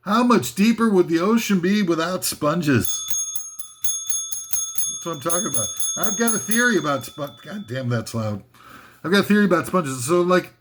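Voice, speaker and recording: A man's voice: a little high, a bit bright. A man hosting a comic list video, rambling and self-mocking as he drifts off topic.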